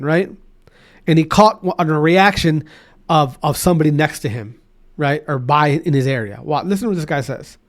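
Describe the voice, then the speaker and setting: A man hosting his own podcast, ranting in a loose, repetitive way with many restarts. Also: fairly high pitch. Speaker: podcast host. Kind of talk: solo podcast rant.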